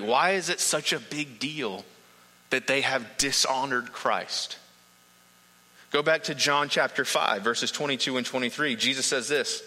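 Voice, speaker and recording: A man's voice: medium pitch, measured pace, bright, forceful tone, long reverb tail, rough recording. A man preaching a sermon, earnest and emphatic, building points through repetition.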